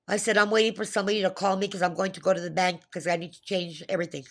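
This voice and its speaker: A woman's voice: on the low side, steady tone, very fast, creaky. A woman talking to camera in an agitated, profane monologue, retelling a phone call with many restarts. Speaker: vlogger. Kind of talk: casual monologue.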